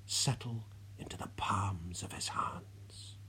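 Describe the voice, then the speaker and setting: A narrator reading a story aloud in a soft, unhurried way, sometimes dropping to a whisper. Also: low-pitched. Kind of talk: audiobook narration.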